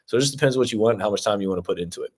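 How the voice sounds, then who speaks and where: With a fairly low, darkish voice, this Ohio man races through his replies to viewer comments during a casual live-stream Q&A on real estate investing. He talks loosely, uses many fillers, and keeps an upbeat tone with viewers.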